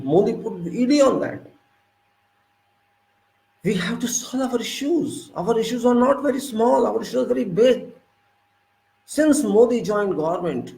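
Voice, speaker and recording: A man's voice: on the high side, vocal fry, a little mellow, reverberant, low-quality recording. A man from India giving an emphatic, unscripted political monologue, firing off rhetorical questions. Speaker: political commentator.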